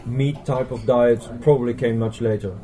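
A man's voice: medium pitch, steady tone, normal speed, mellow, rough recording. A man speaking as a scientist guest in a casual conversation over a meal, hesitant and full of fillers and restarts. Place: busy restaurant.

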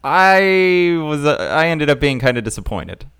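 Young male co-host, rambling joker, animated pitch, dead-dry mic. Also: measured pace, clear, resonant tone, no room sound. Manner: joking, rambling storyteller. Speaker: podcast co-host. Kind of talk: casual comedic chat.

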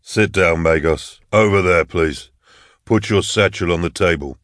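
A man's voice: deep voice, measured pace, fairly bright tone, no room sound, studio quality. A man voicing a robust, blunt male magistrate enforcer in an audiobook, curt and interrogating. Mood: cold. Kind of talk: audiobook character voice.

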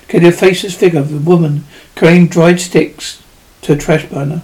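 A man reading a short story aloud in a measured, even way. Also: a little high, low-quality recording. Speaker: audiobook reader.

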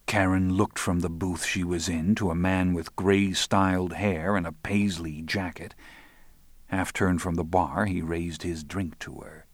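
A man narrating a crime audiobook in an even, measured way. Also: deep voice, dry recording.

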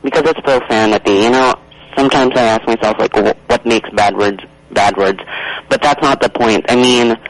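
A man's voice: mid-range voice, moderate pace, poor audio. Hesitant male radio caller. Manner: hesitant, with fillers. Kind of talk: call-in radio talk.

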